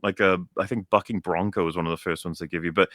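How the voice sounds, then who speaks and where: A man's voice: low voice, fairly even intonation, fast, fairly bright tone, no room sound, clean studio sound. A young man ranting in a casual show chat, heated and profane, often restarting his sentences. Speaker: co-host.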